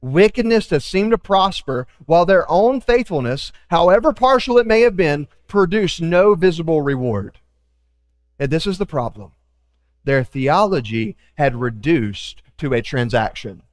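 A man preaching a sermon as pastor, animated, acting out quoted voices with joking asides. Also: fairly high pitch, measured pace, big-room sound.

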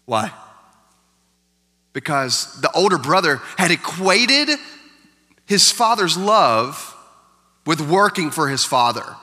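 A male pastor preaching an emphatic sermon who repeats key lines for weight. His voice is fairly high, bright and lively, swinging widely in pitch. A long hall reverb carries through the sanctuary. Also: slow pace, pauses often.

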